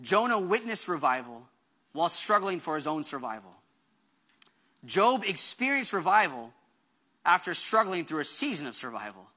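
A male pastor preaching a sermon with earnest, impassioned conviction and quick asides. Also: a little high, very animated, pushed and bright.

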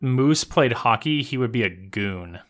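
A man's voice: medium pitch, expressive, measured pace, a bit bright. Man, podcast co-host, dry wisecracks, swears casually, casual chat. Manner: dry, wisecracking, profane interjections.

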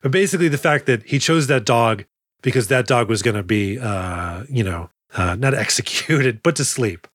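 A man's voice: mid-range voice, lively intonation, moderate pace, fairly bright tone, no echo, studio quality. A man co-hosting a movie podcast, chatting casually and jokily, acting out silly voices now and then. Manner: jokey, acts out silly voices for characters. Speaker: podcast co-host.

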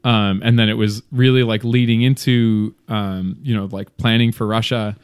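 A man's voice: on the low side, little pitch movement, moderate pace, clean tone, no room sound. Chatty Australian man, dry close sound. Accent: Australian, partly Americanized. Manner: chatty, self-mocking, rambling with fillers. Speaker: guest, skydiver. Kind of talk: casual podcast chat.

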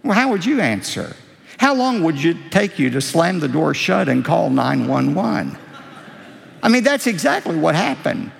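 Male pastor, gravelly and fairly high-voiced, preaching in a large echoing sanctuary. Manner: expressive preaching with rising emphatic lines. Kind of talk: sermon. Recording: reverberant hall.

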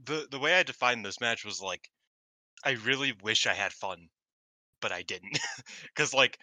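A man's voice: mid-range voice, measured pace, no room sound. A man co-hosting a wrestling podcast, chatting casually and animatedly, swearing freely and acting out what people said. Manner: animated, swearing, acts out quotes. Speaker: podcast co-host. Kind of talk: casual chat.

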